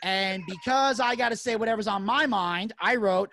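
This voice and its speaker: A man telling a story in casual podcast chat, fast and profane, acting out angry quotes. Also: high voice, pushed and bright, dry recording. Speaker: podcast guest.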